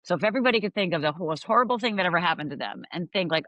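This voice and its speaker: As an interview guest, a middle-aged woman from Upper Michigan tells her story, bringing each moment to life and acting out the voices. Her fairly low but bright, sharp voice is very fast with few pauses. The recording is dry, close, and rough, with no echo.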